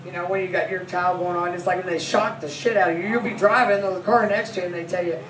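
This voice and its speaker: A woman's voice: fairly low pitch, steady tone, fast talker. A woman in her forties telling brash, profane comedy stories about her son and her massage clients, laughing through her lines. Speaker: massage therapist. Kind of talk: stand-up comedy storytelling. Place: comedy club. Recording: echoey room, mic from a distance, noisy.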